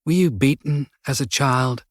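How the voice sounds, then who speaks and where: A man voicing a menacing male prisoner with a Texan drawl, slightly nasal, talking slowly and mockingly. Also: medium pitch, no echo, studio quality, natural voice. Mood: taunting. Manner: slow, taunting, mocking. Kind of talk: audiobook character voice.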